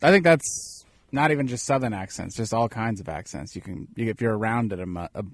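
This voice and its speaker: A man's voice: lowish voice, brisk, dry recording. A man co-hosting a talk show, giving brief, matter-of-fact replies in casual banter. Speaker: co-host.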